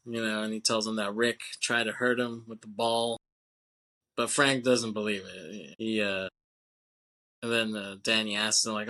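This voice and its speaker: Bright-voiced man recapping a movie. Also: medium pitch, fairly even intonation. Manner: rambling, laughs often, acts out lines in quick put-on voices. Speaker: podcast co-host. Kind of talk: casual movie recap chat.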